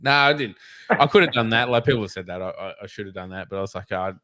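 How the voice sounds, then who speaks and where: A man's voice: lowish voice, animated, fast talker, sharp tone, no room sound. An Australian man, a snake catcher guest, telling blunt, profane, rambling stories in a casual interview.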